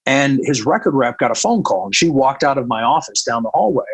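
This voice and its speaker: A man from the northern United States, a radio programmer, telling a candid, animated story in casual chat and swearing freely. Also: mid-range voice, brisk, husky, rough recording.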